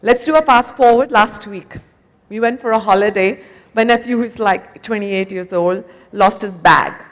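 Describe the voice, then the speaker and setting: A woman with an Indian English accent addresses a conference crowd in a chatty keynote style. She quizzes the audience and tags her points with quick questions. Her mid-pitched voice rings with a long reverb off a big hall. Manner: conversational, asks the audience questions, tags "no?" and "right?". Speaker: conference speaker, company executive.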